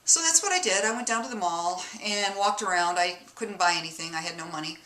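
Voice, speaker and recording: A woman's voice: fairly low pitch, brisk, bright, forceful tone. A woman from Detroit telling a story to camera in a chatty, self-mocking way. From Detroit, USA. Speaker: vlogger. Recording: roomy echo.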